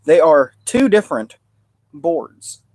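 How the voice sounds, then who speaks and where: A man's voice: a little high, huge pitch swings, slow pace, vocal fry, darkish tone. A man hosting a casual livestream, rambling through stories and jokes. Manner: rambling storytelling, joking. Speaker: livestream host and Civil War reenactor.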